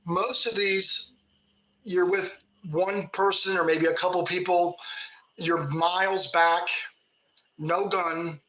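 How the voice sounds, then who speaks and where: A man's voice: high-pitched, steady tone, takes it slowly, bright, forceful tone, echoey room, lo-fi sound. A man from Kentucky, a Bigfoot researcher, telling folksy stories with laughs in casual talk. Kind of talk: casual storytelling.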